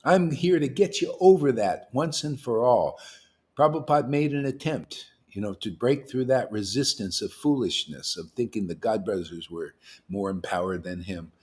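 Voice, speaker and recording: A man's voice: fairly low pitch, lively intonation, moderate pace, darkish tone. A man giving an informal sermon to devotees as a spiritual teacher, emphatic and challenging, talking colloquially and repeating words for emphasis.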